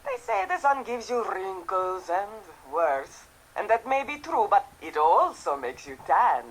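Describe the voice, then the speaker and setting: An actress playing a vain, chatty Venetian landlady in a mystery game, with a lively, theatrical delivery. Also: mid-range voice, measured pace, low-quality recording. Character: tanned Italian landlady in Venice, vain, chatty. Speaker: game character.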